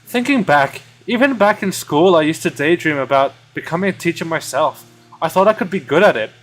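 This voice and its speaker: A man's voice: a little high, lively intonation, a little fast, faint music behind, voice pushed up, natural voice, poor audio. A man reading aloud as an earnest young man who is eager to teach, in a raised, eager voice.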